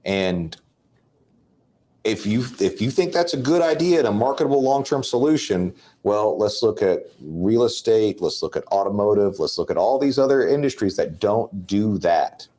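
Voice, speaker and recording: A man with a low voice lays out his opinions bluntly in a casual sales chat. He makes his points one after another, like a lecture. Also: animated, moderate pace, dark tone. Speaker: podcast co-host.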